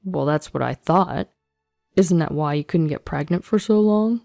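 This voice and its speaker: A woman's voice: low voice, normal speed, gravelly, dark tone, soft background music. A woman voicing a smug, arrogant ex-husband who mocks and sneers. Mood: flustered. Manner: sneering, mocking.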